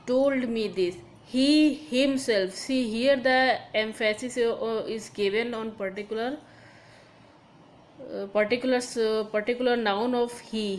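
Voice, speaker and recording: A woman's voice: fairly high pitch, slight background noise, low-quality recording. Woman teacher. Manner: explains slowly, repeats examples, frequent "okay" and "see". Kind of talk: recorded online grammar lesson.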